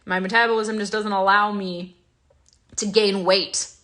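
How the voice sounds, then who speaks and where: A woman's voice: medium pitch, little pitch movement, measured pace, bright, forceful tone. A young woman hosting a casual vlog, talking in an emotional, confiding way with many fillers and restarts. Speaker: host.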